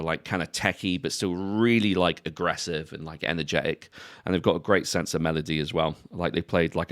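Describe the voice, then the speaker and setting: A very low-pitched young British man chatting on a podcast. He talks in a loose, unhurried way, drops swear words freely and often laughs at his own quips. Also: a bit bright. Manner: laid-back, swears casually, laughs at own jokes. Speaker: podcast co-host. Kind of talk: casual chat.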